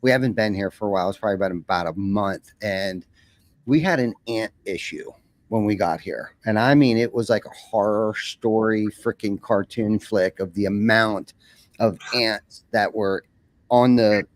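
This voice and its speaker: Male podcast guest, low voice, candid and rambling, dry close sound. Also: normal speed, no echo. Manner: rambling, repeats words when starting sentences. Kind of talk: casual conversation.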